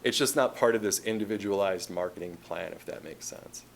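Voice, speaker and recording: A man's voice: lowish voice, brisk, vocal fry, slight background noise. A man with a Chicago accent presenting a tourism marketing plan to a city council, casual and conversational with frequent fillers and restarts. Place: council meeting chamber.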